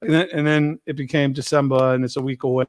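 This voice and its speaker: A man hosting a live stream, telling stories in a casual, profane, animated way. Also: mid-range voice, fast talker, smooth, dry recording, clean studio sound. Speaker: host.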